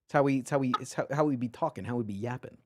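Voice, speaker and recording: A man's voice: mid-range voice, racing, background noise. A man from Virginia, a streamer on a call, talking casually and rambling, repeating words while he searches for them. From Virginia, United States.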